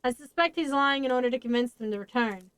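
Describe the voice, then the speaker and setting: A woman's voice: sits high, fast talker, a bit bright, clear, resonant tone, no room sound, low-quality recording. A woman voicing a weary, blunt grown man in a storybook reading, talking plainly.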